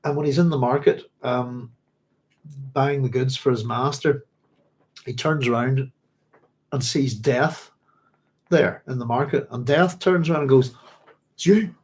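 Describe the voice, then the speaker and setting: Speaking at a medium pitch and a little slowly, with long pauses, a man runs a book club stream. He reads passages out loud and wanders chattily between them, frequently breaking into chuckles.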